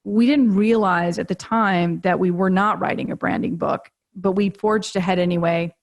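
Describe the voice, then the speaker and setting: On a remote podcast call, a woman guest, an agency co-founder and author, tells a story with lots of energy, laughing often and acting out the dialogue she quotes. Her voice is fairly low and creaky, with fairly even intonation and a moderate pace.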